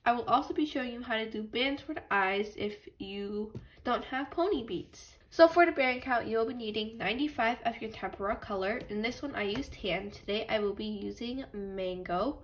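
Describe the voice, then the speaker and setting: A woman with a stuffy nose from allergies, calmly talking through a step-by-step craft tutorial and apologizing now and then. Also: fairly high pitch, moderate pace. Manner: patient, apologetic instructions.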